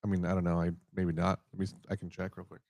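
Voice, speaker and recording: A man co-hosting a podcast, chatting casually in a relaxed, rambling way and often correcting himself. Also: low-pitched, fast talker, gravelly, no room sound. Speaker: podcast co-host. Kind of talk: casual chat.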